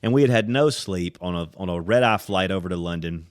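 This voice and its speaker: A man's voice: brisk, clear, resonant tone. A man from the United States, hosting a podcast and animatedly telling a travel story in casual chat. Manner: animated storyteller, acts out voices with loud high-pitched impressions. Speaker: podcast host.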